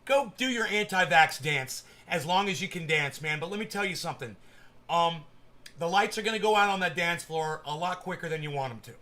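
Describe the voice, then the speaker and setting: Ranting on his live stream with plenty of profanity and stumbling repetitions, this man talks briskly. His fairly high voice sounds expressive, bright, and forceful.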